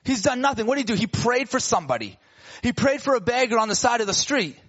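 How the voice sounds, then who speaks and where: Animated high-voiced male preacher. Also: fast talker, breathy edge, highs cut off. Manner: animated, acts out characters in casual slang. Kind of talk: sermon storytelling.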